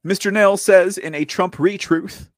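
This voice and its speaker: A man's voice: high-pitched, fairly even intonation, measured pace, dry recording, clean studio sound. A man hosting a political commentary show in a playful, rambling way, often correcting himself. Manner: playful, rambling, self-correcting, keeps saying ladies and gentlemen. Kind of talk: casual live commentary.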